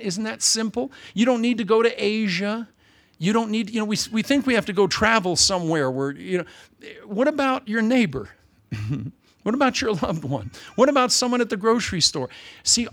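A man's voice: high-pitched, gravelly. A man preaching a sermon, telling stories with acted-out quotes and moving into prayer. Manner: animated storytelling with acted-out quotes.

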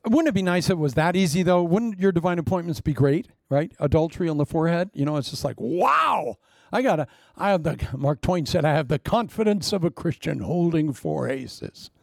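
An older male pastor with a gravelly, slightly raised voice tells jokey, self-mocking sermon stories. His delivery is dry and close, with little room sound, and he acts out the people he quotes. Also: a little high, brisk, hardly any pauses, a little mellow, dry recording. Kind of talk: humorous storytelling sermon.

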